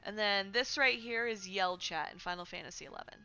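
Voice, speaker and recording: A woman's voice: mid-range voice, a little fast, hardly any pauses, sharp tone, soft background music. A woman hosting a casual game news livestream from home, chatty, with lots of "like" and "right?". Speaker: livestream host. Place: home streaming setup.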